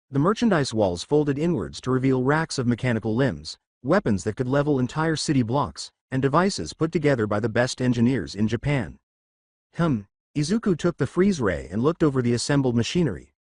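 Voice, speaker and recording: A man narrating a fan fiction story, reading from a script with expressive storytelling. His pitch rises and falls a lot, and the sound is close and dry. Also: fairly quick, few pauses, no room sound.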